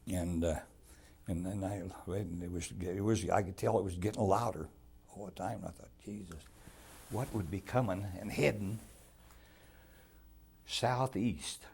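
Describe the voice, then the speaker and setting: A man's voice: sits low, a little slow, creaky, long pauses, a little mellow, husky. An older man telling his wartime memories in a rambling, folksy oral-history interview. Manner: rambling, folksy storytelling with restarts and plain grammar. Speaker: veteran telling war memories.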